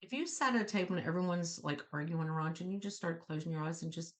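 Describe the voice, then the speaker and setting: A middle-aged woman hosting a self-help talk show, coaching viewers in an animated way and acting out calm self-talk. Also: fairly low pitch, quick pace. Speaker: host.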